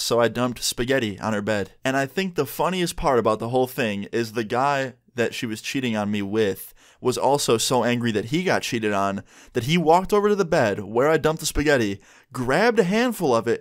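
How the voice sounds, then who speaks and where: A man's voice: mid-range voice, animated, fairly quick. A young man in his twenties, chatty and candid, casually swearing as he tells a storytime vlog. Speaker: vlogger.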